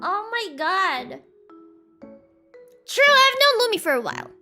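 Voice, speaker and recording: A woman's voice: very high voice, sing-song, measured pace, bright, forceful tone, faint music behind. A young woman streamer chatting casually and reading chat, rambling and laughing, insisting with repeats.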